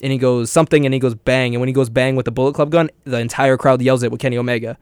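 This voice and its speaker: Fast-talking excitable young man. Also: medium pitch, clear, resonant tone, no echo, studio quality. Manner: excitable storyteller, laughs often, quotes wrestlers. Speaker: podcast co-host. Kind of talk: casual wrestling chat.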